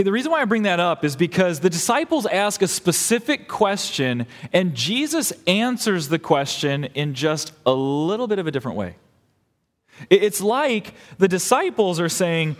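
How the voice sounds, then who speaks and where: A young adult man preaching a sermon as pastor, earnest and emphatic, building in intensity. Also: a little high. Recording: long hall reverb.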